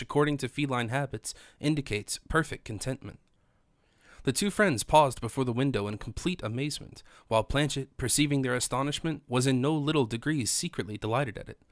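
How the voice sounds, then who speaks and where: A man narrates a classic adventure novel in a steady, measured reading. His voice sits in a middle pitch. The recording is dry and close, with no room sound. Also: no echo. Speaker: audiobook narrator. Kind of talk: scripted narration.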